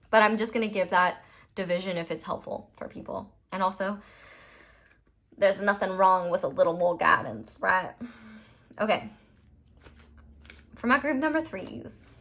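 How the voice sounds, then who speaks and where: A woman's voice: mid-range voice, fairly bright tone. Chatty young woman reading tarot. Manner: gushing, rambling, with frequent "like" and some swearing. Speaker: tarot reader. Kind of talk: casual pick-a-card reading.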